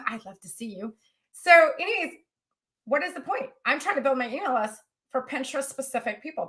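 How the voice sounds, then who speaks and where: A woman business coach, teaching in a chatty, animated way during a live coaching session. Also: fairly high pitch. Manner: chatty, animated, says y'all.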